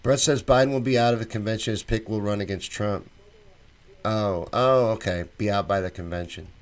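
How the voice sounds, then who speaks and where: Casual streamer guy reading chat out loud and riffing on it, kinda low voice. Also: a little fast. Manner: chatty, reads viewer comments aloud and reacts with opinions. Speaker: show host reading live chat.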